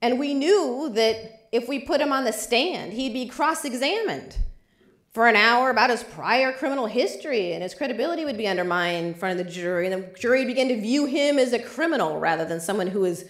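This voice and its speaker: Woman, civil rights lawyer, storytelling lecture, vivid, higher voice, echoey hall. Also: expressive, brisk.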